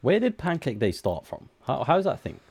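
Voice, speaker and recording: A man's voice: mid-range voice, wildly swooping pitch, fairly quick, darkish tone, slightly rough, dry recording. A young man co-hosting a casual podcast, talking in a hesitant, sheepish way. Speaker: podcast co-host. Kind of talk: casual chat with friends.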